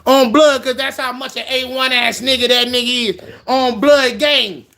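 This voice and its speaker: A man streaming, reacting with loud, repetitive exclamations in street slang. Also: extremely high pitch, steady tone, moderate pace, creaky. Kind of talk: emotional live reaction rant.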